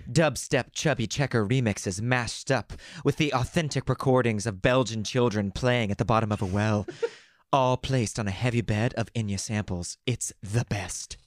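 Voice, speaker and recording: A man voicing an excitable, eccentric male club kid in an audiobook reading, with a breathy, sing-song delivery. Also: medium pitch, normal speed, no echo, clean studio sound, lightly acted. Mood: giddy.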